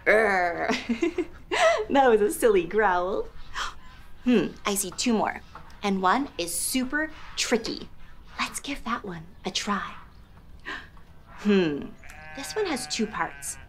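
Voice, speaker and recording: A young woman hosting a toddler learning show, speaking in an exaggerated sing-song way, making animal noises and spelling words out slowly. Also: medium pitch, sing-song, a little hiss or hum. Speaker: children's show host.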